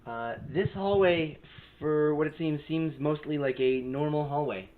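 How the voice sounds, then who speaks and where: A man's voice: on the high side, a little slow. Game-master man over a tinny line. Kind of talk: narrating a tabletop game.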